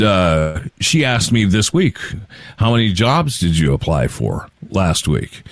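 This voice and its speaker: Animated storytelling man in his forties. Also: fairly low pitch, dry recording. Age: 40s. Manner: storytelling, swears, laughs often. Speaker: podcast co-host. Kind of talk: casual chat.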